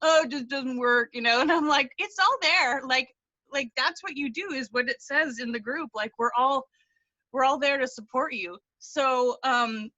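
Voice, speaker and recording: In a lo-fi, dry recording, a woman with a high-pitched voice and sharp tone shares her story on a video call. As a team member giving an emotional testimonial, she is earnest and near tears, rambling and restarting.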